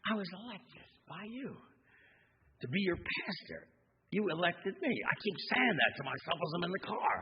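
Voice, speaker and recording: A male minister giving a sermon, telling a folksy story with animated delivery in a church. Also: sits high, moderate pace, breathy edge, dull audio. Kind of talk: sermon with a joke. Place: church sanctuary.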